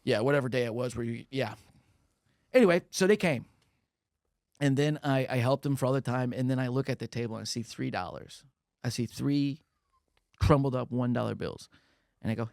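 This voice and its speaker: A man's voice: brisk, gravelly, long pauses, no room sound, clean studio sound. A man co-hosting a podcast, telling stories in casual chat and acting out the people in them with big jumps in his voice. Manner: animated, acts out quotes with big pitch jumps. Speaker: podcast co-host, comedian. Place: podcast studio.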